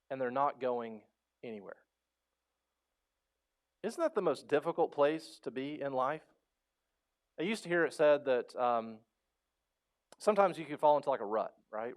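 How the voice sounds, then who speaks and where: A man preaching a sermon as pastor, animated and conversational, acting out voices and asking the congregation questions. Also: mid-range voice. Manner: animated storytelling, acts out quoted voices; conversational, asks the crowd questions.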